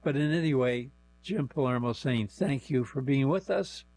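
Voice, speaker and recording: An older man with a raspy voice reading newspaper items aloud on radio, stumbling over some names. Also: medium pitch, moderate pace, darkish tone. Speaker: volunteer newspaper reader.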